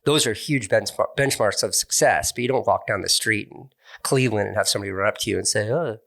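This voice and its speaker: A man's voice: fairly low pitch, fast talker, vocal fry, fairly bright tone. A middle-aged man speaking as an interview guest, candid and thoughtful, often restarting his words as he reflects. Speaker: interview guest, online video creator.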